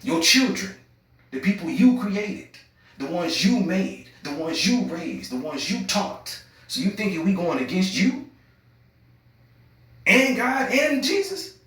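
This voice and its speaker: Young man, African American Vernacular English, heated preachy monologue, booming echoey room, voice far from the mic. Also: very animated, measured pace. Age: young adult. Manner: heated, preachy, repeats phrases, swings loud and quiet. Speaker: podcast host. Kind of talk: impassioned monologue.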